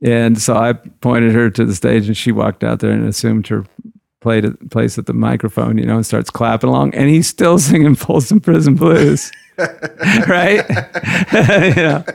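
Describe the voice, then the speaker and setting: A man's voice: mid-range voice, steady tone, moderate pace, creaky, a little mellow, dry recording. A man, a guitarist, telling rambling stories from the road in a loose, conversational way. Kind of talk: anecdotal storytelling.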